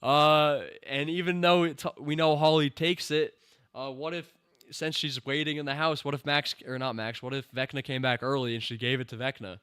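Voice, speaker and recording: A man's voice: mid-range voice, fairly even intonation, brisk, fairly bright tone, clear, resonant tone. A man giving a rambling, sarcastic spoken commentary, full of fillers and incredulous outbursts. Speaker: show reviewer.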